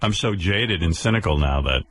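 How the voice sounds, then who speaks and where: A man's voice: lively intonation, normal speed, fairly bright tone, no echo. A man co-hosting a radio show, chatting in a dry, sarcastic way on a studio mic. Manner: dry, sarcastic, does shrill impressions. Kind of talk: casual radio talk, playing clips.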